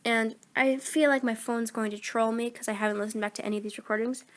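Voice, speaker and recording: A woman's voice: fairly high pitch, steady tone, fast. A fourteen-year-old girl who is sick, rambling casually into her phone about recording voice-acting videos. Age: teens. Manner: rambling, meandering, self-deprecating. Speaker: voice actor vlogger.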